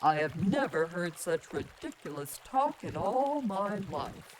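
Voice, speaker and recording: A woman storyteller voicing a talking river, low and solemn. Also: big pitch swings, measured pace, background noise. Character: calm, deep-voiced talking river. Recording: music bed behind.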